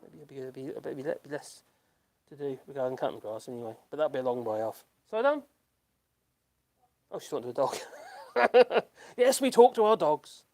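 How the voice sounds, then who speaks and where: A man's voice: mid-range voice, lively intonation, moderate pace, a little mellow. Rambling, chuckling man on a live stream. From United Kingdom. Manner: rambling and self-deprecating, chuckles often, many restarts. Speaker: YouTube channel host. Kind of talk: casual live-stream chat reading comments. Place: at home in rural France.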